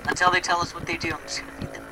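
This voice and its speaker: Excitable young man with the hiccups. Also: sits high, racing, background noise. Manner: joking, excitable, blurts out game finds. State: has the hiccups. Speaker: gaming video co-host. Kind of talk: casual gameplay chat.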